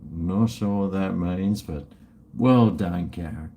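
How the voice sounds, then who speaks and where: A middle-aged man drawls slowly through a casual livestream, mumbling and drifting off mid-thought. He swears freely and sips drinks between super chats, with faint noise in the background. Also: deep voice, dark tone. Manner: rambling, mumbling, trails off, swears often. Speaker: livestream host.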